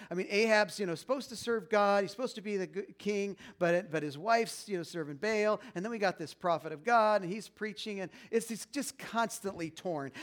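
A man retelling a Bible story in a casual, conversational way, with many fillers and playful asides. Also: high voice. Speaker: Bible teacher.

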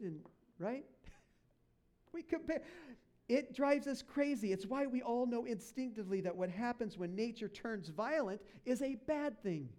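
Mellow-voiced man preaching animatedly. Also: very high-pitched, animated, measured pace. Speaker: pastor. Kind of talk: sermon.

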